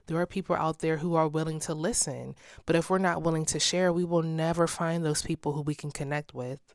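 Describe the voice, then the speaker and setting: A woman's voice: sits low, fairly even intonation, brisk, no room sound, studio quality. A young woman hosting a solo podcast, talking candidly in a casual way and laughing often. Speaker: podcast host.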